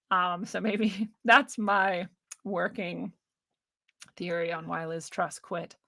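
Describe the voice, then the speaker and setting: A woman's voice: fairly low pitch, creaky, a bit bright, no echo. A woman hosting a spiritual livestream, ranting casually in a blunt, sarcastic, profane way and laughing often.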